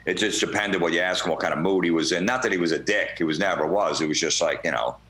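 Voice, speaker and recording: Deep-voiced man telling loose stories. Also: fast talker, a bit bright, echoey room, a little hiss or hum. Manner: rambling, profane, laid-back anecdotes. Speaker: comedian guest. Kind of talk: casual storytelling interview.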